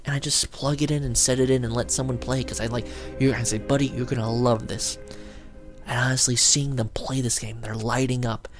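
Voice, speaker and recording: A man talking casually to his camera, rambling and excited as he acts out what his friends said. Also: mid-range voice, fairly quick, over music. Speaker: video blogger.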